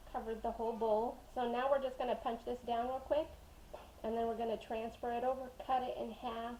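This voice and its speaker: A woman's voice: fairly high pitch, dark tone, echoey room, a little hiss or hum, low-quality recording. A woman telling stories in a casual, rambling way while she bakes bread in her home kitchen. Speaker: home cooking vlogger. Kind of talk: casual storytelling while baking.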